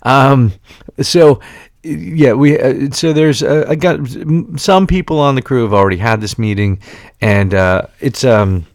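A man's voice: mid-range voice, measured pace, hardly any pauses, dry recording, clean studio sound. A man hosting a podcast, telling casual rambling anecdotes with frequent restarts and laughter. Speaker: podcast host. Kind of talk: casual chat.

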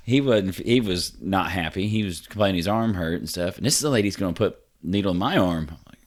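A man's voice: sits low, brisk. A man co-hosting a podcast, telling a story in a rambling, casual way with slang, cursing and laughter. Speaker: podcast co-host.

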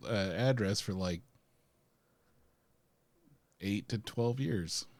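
A man's voice: lowish voice, extremely slow, darkish tone, no echo. Laid-back man with a dry close voice. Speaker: podcast co-host. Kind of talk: casual pop culture chat.

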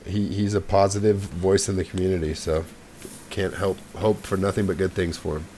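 Low-voiced male podcast co-host, relaxed gaming-news chat, rambling delivery. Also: moderate pace, a little hiss or hum. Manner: conversational, trails off and restarts.

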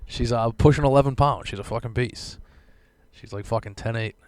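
A man's voice: medium pitch, fairly quick, no room sound. A young man hosting a casual podcast from home, a stand-up comic who laughs often and jokes crudely.

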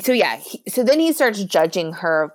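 A young woman co-hosting a casual podcast, recapping a reality show in an animated, profane way and acting out quotes. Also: medium pitch, normal speed, dry recording, studio quality. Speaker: podcast co-host.

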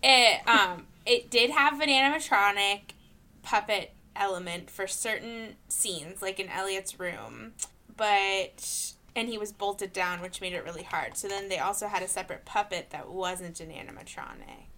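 A woman's voice: mid-range voice, sing-song, normal speed, bright, forceful tone. A woman in casual chat, sharing trivia with a few fillers.

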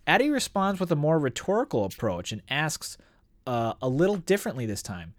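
A man talks through a novel in a casual podcast, his pitch jumping around as he acts out bits of dialogue. The sound is dry and close, with no room behind him. His delivery moves between relaxed chat and reading aloud. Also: fairly quick, no room sound. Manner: animated, reads passages and paraphrases characters. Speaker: podcast co-host discussing a book.

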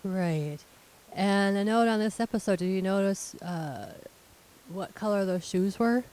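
A woman's voice: mid-range voice, measured pace, a little mellow, low-quality recording. A woman co-hosting a casual recap chat, explaining scenes and acting out characters' lines as she retells them. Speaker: podcast co-host.

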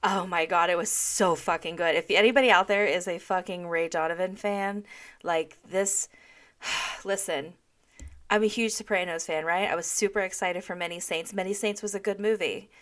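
Young woman telling a profane, animated story. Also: on the low side, normal speed. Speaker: podcast co-host. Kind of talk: casual chat.

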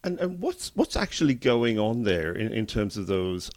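A man's voice: on the low side, big pitch swings, normal speed, a little mellow. A man hosting an interview, reading a formal introduction of his guest and then asking hesitant questions.

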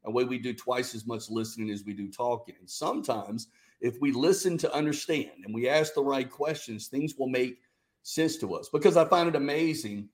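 Brief: male guest, lively storyteller, acts out both sides of a conversation. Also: medium pitch, moderate pace. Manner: animated, acts out quoted dialogue. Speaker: guest, business founder. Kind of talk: casual storytelling interview.

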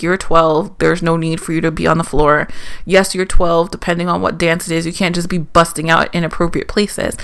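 A woman's voice: on the low side, fairly bright tone. A woman co-hosting a podcast, chatting upbeat and easy, with lots of filler words. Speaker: podcast co-host. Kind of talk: casual chat.

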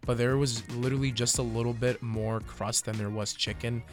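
A man's voice: mid-range voice, fairly even intonation, normal speed, faint music behind. A young man co-hosting a podcast, telling stories in loose casual chat, laughing often and swearing freely. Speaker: podcast co-host.

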